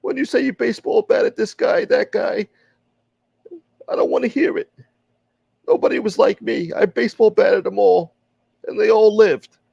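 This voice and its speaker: A man putting on a shrill, boastful tough guy who calls himself a feared sheriff, taunting and cocky. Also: expressive, moderate pace, creaky, long pauses, mellow, slightly rough, no echo, highs cut off, heavily acted.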